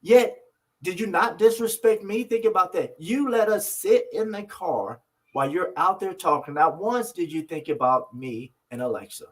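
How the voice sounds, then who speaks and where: A man's voice: high-pitched, expressive, moderate pace, low-quality recording. A man co-hosting a podcast with his wife, telling stories in an earnest, reflective way. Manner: earnest, reflective storyteller, many restarts. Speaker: podcast co-host. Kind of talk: casual couple chat.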